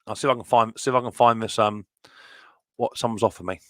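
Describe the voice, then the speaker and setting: A middle-aged man hosts a live stream from home, greeting viewers and chatting away cheerfully. He talks fast in a bright, forceful voice. The sound is dry and close, with no room echo. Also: lowish voice, steady tone. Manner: chatty, cheerful, reads viewer comments aloud. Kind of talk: casual live stream chat.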